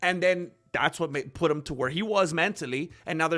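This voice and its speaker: A man's voice: a little high, fairly quick, a bit bright, faint music behind. A man hosting an MMA commentary vlog, sarcastic and opinionated, acting out both sides of an argument. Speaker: MMA commentary channel host.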